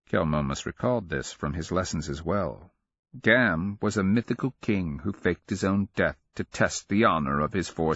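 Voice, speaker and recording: Male audiobook narrator, measured and steady; dull, lo-fi, very dry recording. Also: low voice, slightly rough, no room sound. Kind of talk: scripted fantasy narration.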